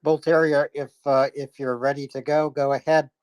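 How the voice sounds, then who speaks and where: A man hosting a live audio chat, calling on speakers and summing up news in a halting way with many fillers. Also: a little high, little pitch movement, smooth, no room sound. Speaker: host.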